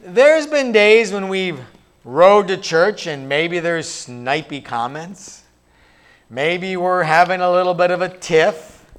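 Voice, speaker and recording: A man's voice: high-pitched, fairly bright tone, smooth. A man preaching a sermon in a casual, self-deprecating way, now and then acting out quoted voices. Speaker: pastor.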